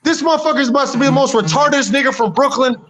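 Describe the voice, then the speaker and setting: Angry, high-pitched man ranting. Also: fast talker, fairly bright tone, poor audio. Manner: angry, profane, rambling with many restarts. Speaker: boxer. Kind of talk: heated rant.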